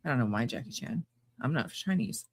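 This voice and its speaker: A woman's voice: very deep voice, expressive, a little fast. A woman co-hosting a podcast, teasing and laughing through casual banter. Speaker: podcast co-host.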